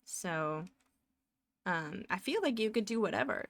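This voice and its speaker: A woman's voice: medium pitch, animated, unhurried, vocal fry, fairly bright tone, no room sound. Woman streamer chatting while she draws, rambly and giggly, pretty dry close mic. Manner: rambling, self-narrating, laughs often, trails off. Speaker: live streamer. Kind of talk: casual chat while drawing live.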